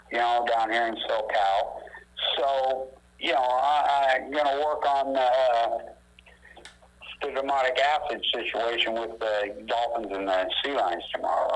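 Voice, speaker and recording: A man talking as an activist guest in a casual phone conversation, animated and emphatic, ranting with rising indignation. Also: medium pitch, poor audio. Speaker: anti-nuclear activist guest.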